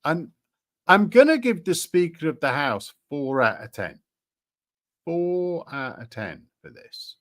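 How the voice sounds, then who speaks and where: Slow, sarcastic man. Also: on the high side, sing-song. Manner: sarcastic, rambling, hesitant. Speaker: host. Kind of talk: casual commentary.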